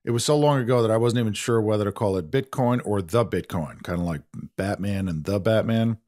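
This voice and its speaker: A man's voice: on the low side, fairly quick, a little mellow. A man hosting a podcast, explaining things in a chatty, self-deprecating way. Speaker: podcast host. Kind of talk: conversational podcast banter.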